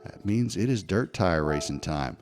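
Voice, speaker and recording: Man, low voice, bouncy up-and-down delivery, chatty gameplay commentary. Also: normal speed, soft background music. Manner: chatty, joking, lively. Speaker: gaming video host.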